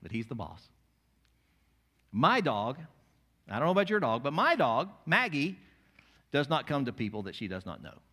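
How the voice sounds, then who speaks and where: A male pastor preaching a sermon, moving between quiet, intimate lines and loud, emphatic passages. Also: mid-range voice, big pitch swings, moderate pace, pauses often.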